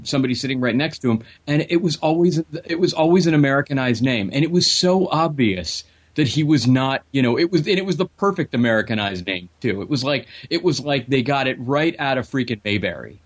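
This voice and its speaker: A man's voice: medium pitch, expressive, a little fast, muffled recording. A man co-hosting a podcast in casual chat, rambling, sardonic and crude. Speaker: podcast co-host.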